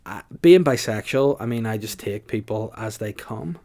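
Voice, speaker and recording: A man's voice: on the low side, animated, moderate pace, warm tone. A man with a Northern Irish accent hosting a casual comedy podcast, joking around and slipping into silly voices. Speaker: podcast host.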